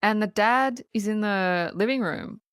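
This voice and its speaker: A woman co-hosting a podcast, excitedly retelling film scenes with plenty of swearing. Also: medium pitch, unhurried, smooth, dry recording, clean studio sound. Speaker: podcast co-host. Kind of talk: casual film review chat.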